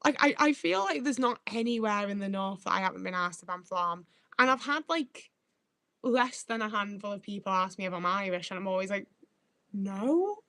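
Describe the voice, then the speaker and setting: A woman's voice: mid-range voice, a little fast, bright, forceful tone, no echo. A woman hosting a livestream, chatting in a rambling, sweary way that often trails off and restarts mid-sentence. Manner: rambling, sweary, self-interrupting. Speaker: livestream host. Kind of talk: casual live-chat rambling.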